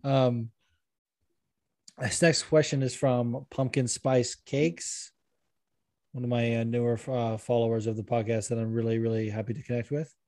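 A man's voice: mid-range voice, flat delivery, moderate pace, mellow, no room sound. A man hosting a casual podcast, rambling with lots of fillers and laughing easily while reading listener questions. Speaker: podcast host.

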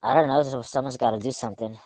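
A man co-hosts a casual podcast in a middle-pitched voice. He answers in short, hesitant bits with plenty of fillers. Now and then he slips in a dry sarcastic remark. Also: fairly even intonation, racing, a little mellow, low-quality recording. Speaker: podcast co-host.

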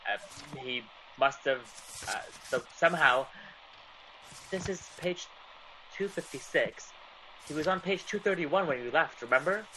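Guy doing a stammery excited fella in a radio play, sharp bright tone. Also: fairly high pitch, a little slow, long pauses, a little hiss or hum, poor audio. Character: curious man who finds a finished story. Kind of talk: old-time radio drama acting.

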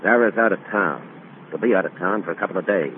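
A hard-edged male crook who barks orders in short clipped lines, his voice pitched low but swinging widely as he pushes people around. This is a 1940s radio drama, and it comes through a thin, hissy old broadcast. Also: expressive, fast talker, phone-quality sound. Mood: scheming. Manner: tough, bossy and clipped. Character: scheming male crook posing as a rich man.

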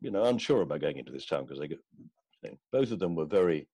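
A deep-voiced man with a slightly husky tone shares anecdotes as a podcast guest. His pitch moves lively as he tells the story. The sound is dry and close. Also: fast, no room sound. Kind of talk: casual anecdotal chat.

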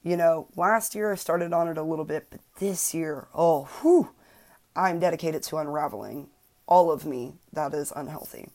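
A woman's voice: deep voice, normal speed, darkish tone. A woman in her twenties hosting a personal self-help podcast, talking earnestly and emphatically and swearing freely. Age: 20s. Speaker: podcast host.

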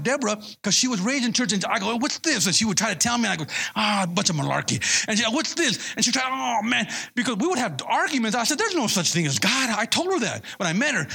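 Gravelly, animated male preacher. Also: sits high. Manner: animated storytelling, acts out quoted dialogue; repeats words and restarts often. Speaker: pastor. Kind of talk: sermon with personal testimony.

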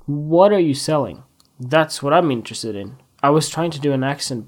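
A casual solo podcaster, a working photographer, who thinks out loud. The talk wanders and restarts, breaks into giggles and silly asides, then drifts back on topic. The pitch sits mid-range.

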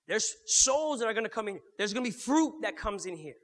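A man pastor preaching a sermon, swinging from loud to murmured and mimicking churchgoers in quick mock voices. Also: high-pitched, very animated. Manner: preaching with sharp swings in loudness, dropping to near murmurs. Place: church sanctuary. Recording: long reverb of a church hall.

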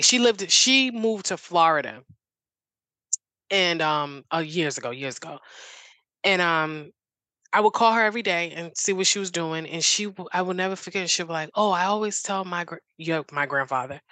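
A woman's voice: fairly low pitch, moderate pace, bright, forceful tone, no room sound. A woman guest on a talk show, telling her story in an eager, rambling way full of "like"s and restarts. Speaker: interview guest. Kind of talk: casual interview chat.

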